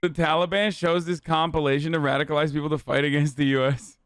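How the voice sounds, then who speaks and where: A man's voice: a little high, little pitch movement, quick pace, very noisy. A man streaming live, reacting to clips with sarcastic, slangy riffing commentary.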